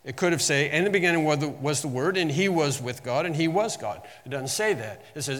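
A man teaching through a sermon, with a voice that sits a little high for a man. He stresses the verses he quotes and often restarts his phrases. His voice carries a long reverb, as in a large hall. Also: animated, brisk, few pauses, fairly bright tone. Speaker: Bible teacher.

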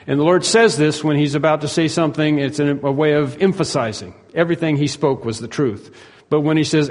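A man's voice: on the high side, normal speed, darkish tone, big-room sound. A man preaching an expository sermon, emphatic and repeating himself, and voicing the disciples' questions. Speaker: pastor.

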